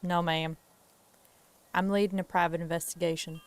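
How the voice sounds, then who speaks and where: Polite male private investigator voiced by a woman, lowered voice, slow, soft, Southern drawl. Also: level tone, clear, resonant tone, no room sound, natural voice. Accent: put-on Southern US.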